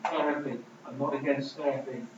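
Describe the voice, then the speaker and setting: A man preaching a sermon, emphatic, swinging between loud declarations and hushed lines. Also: medium pitch, steady tone, brisk, a little hiss or hum. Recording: distant, roomy, dull hall recording.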